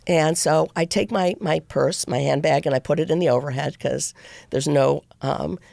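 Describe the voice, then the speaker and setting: Middle aged woman guest, raspy fry in her voice, wanders around her point, dead dry sound. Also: sits low, normal speed, a little mellow, no echo. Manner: rambling, circuitous, many restarts. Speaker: podcast guest. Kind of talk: casual interview storytelling.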